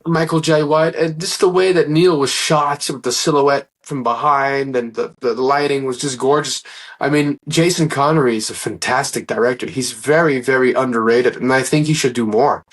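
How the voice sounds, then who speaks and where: With a steady, slightly bright mid-range voice at normal speed, this man is a guest in a casual interview. He rambles earnestly through his stories, restarting sentences often and voicing the quoted dialogue.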